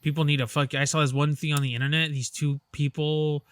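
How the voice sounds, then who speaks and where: A man's voice: a little high, flat delivery, fairly quick, smooth, no room sound, clean studio sound. A man co-hosting a podcast, chatting casually in a rambling, hesitant way, spinning out what-if scenarios. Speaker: podcast co-host. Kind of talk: casual chat.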